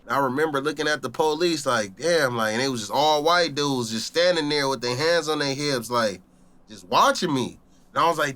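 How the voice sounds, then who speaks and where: A man's voice: medium pitch, normal speed. A young man, an interview guest, telling a story in casual street slang and acting out the voices in it. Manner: animated, acts out voices in his story, heavy slang.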